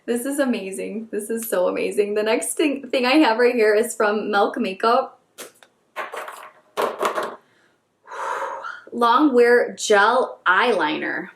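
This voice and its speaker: A woman beauty vlogger doing an excited unboxing chat, gushing and gasping as she repeats her delight. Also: on the high side, slow pace, gravelly, pauses often, echoey room.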